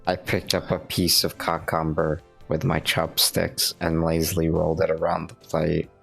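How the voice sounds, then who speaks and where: A man with a very low, gravelly voice reads visual novel narration aloud at an even storytelling pace. Faint music plays underneath. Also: moderate pace, poor audio. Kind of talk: reading game text aloud with friends.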